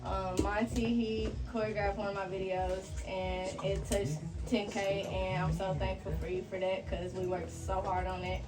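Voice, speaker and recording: A woman's voice: mid-range voice, little pitch movement, normal speed, hardly any pauses. A woman hosting her own listening event, giving a heartfelt, tearful thank-you speech to friends in a studio. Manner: heartfelt, tearful, laughing between words. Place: recording studio with a gathered crowd. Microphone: far from the mic. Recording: distant room mic with music behind.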